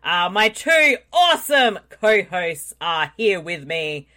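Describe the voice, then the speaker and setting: A woman hosting a live podcast, chatting casually and playfully, often trailing off quietly. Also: on the low side, very animated, slow pace. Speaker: podcast host.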